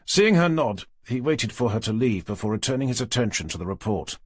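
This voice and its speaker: A man reads a detective story aloud in a measured, low-key manner. His husky voice moves freely in pitch, and the recording is close and dry. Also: expressive, dry recording. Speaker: audiobook narrator. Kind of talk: scripted narration.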